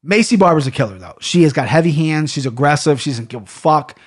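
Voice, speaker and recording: A man's voice: on the high side, lively intonation, fairly quick, husky. A man hosting a casual MMA podcast, blunt and profane, rambling through fight picks with lots of restarts. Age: adult with a young daughter. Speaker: podcast host.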